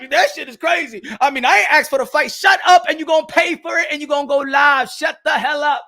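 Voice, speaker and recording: A man ranting in a loud, profane, mocking commentary on boxing, now and then switching into Spanish phrases. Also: extremely high pitch, a little fast, few pauses.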